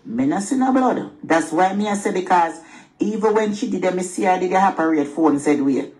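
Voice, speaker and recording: A woman with a Jamaican accent chatting casually in quick patois. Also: on the low side, lively intonation, a little mellow, low-quality recording. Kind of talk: casual chat.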